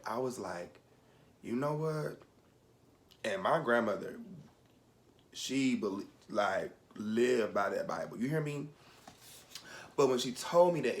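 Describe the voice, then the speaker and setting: A man's voice: medium pitch, a bit bright. A young man telling a personal story in casual chat, candid and rambling, fighting back tears at moments.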